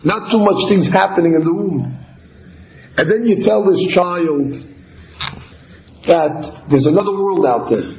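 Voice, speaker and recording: High-voiced man teaching a religious class. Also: unhurried, long pauses, slight background noise. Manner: animated storyteller acting out dialogue. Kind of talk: storytelling lecture. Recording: echoey, slightly dull recording.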